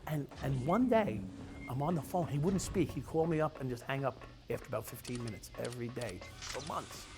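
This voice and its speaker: Gravelly ex-cop. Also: male voice, medium pitch, lively intonation, a little fast. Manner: blunt, profane, confessional. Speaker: former police officer. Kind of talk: candid storytelling. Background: music playing.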